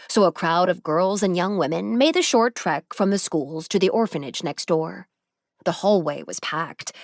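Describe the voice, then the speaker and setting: A woman reads an audiobook aloud with a steady, measured storytelling delivery. Her voice sits at a medium pitch, and the recording is dry with clean studio sound.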